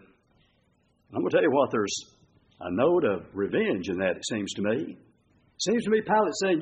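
A male preacher telling a story from the pulpit in a lively style and acting out the quotes. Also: medium pitch, a little slow, pauses often. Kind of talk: sermon. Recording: dull lo-fi recording.

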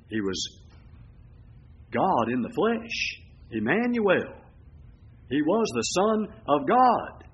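An older man preaching a sermon in a church, swinging from loud declarations down to low asides. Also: muffled recording, a little hiss or hum.

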